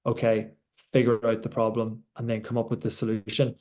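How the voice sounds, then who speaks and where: A man's voice: lowish voice, completely flat delivery, fairly quick, darkish tone. A young man from Ireland, a doctor and rower, talking reflectively in an interview with many restarts. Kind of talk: conversational interview.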